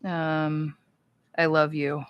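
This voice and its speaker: A woman's voice: low-pitched, flat delivery, extremely slow, clean tone, dry recording, highs cut off. A woman chatting casually and playfully on a livestream as she signs cards, rambling as she writes. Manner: chatty, rambling, talks while writing; playful and upbeat. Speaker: voice actress signing cards on a livestream.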